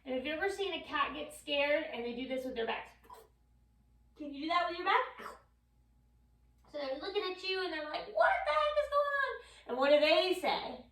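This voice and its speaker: A bright, high-pitched woman with a New York accent leads a kids' yoga class with playful, encouraging cues. She sounds a little far from the mic, and her voice echoes around the room. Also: moderate pace, long pauses. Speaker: yoga teacher. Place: yoga studio.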